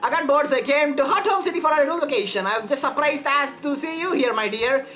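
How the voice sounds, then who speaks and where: A woman's voice: high voice, fast, a bit bright. Woman reading a breezy doting mom. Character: doting mother of the player, light and breezy.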